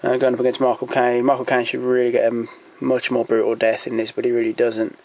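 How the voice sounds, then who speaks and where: A man talking casually and haltingly, with many pauses and restarts, giving enthusiastic recommendations as he shows his shelf. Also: mid-range voice, monotone, creaky, a little mellow, low-quality recording. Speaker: collector showing DVDs. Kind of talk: casual off-the-cuff commentary. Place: home room by a shelf.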